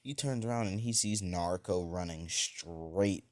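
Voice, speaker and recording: A man's voice: low-pitched, unhurried. A man improvising a fan-fiction story, rambling and full of fillers and restarts.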